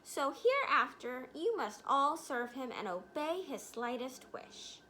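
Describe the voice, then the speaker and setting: A woman voicing a tiny, proud female queen of the field mice in a squeaky little voice, for a storybook reading. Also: sing-song, slow, pushed and bright, slight background noise, heavily acted. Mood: commanding. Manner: indignant, regal.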